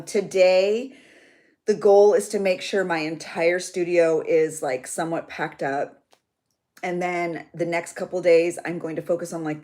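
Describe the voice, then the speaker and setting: A woman's voice: fairly low pitch, a little mellow. A woman in her thirties hosting a live chat for her journaling channel, bubbly and chatty, greeting viewers by name and laughing often.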